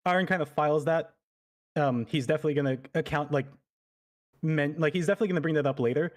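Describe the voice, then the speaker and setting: A man's voice: a little high, fast. Hesitant man playing a tabletop game. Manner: hesitant, many fillers. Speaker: player.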